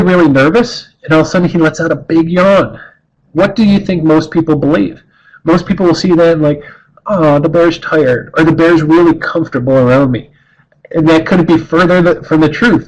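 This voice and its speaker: A middle-aged man with a slightly raised pitch teaches in an earnest, conversational way. He often trips over his words and restarts a phrase before pressing on. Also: rough recording. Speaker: wildlife educator. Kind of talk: informal talk on bear behavior.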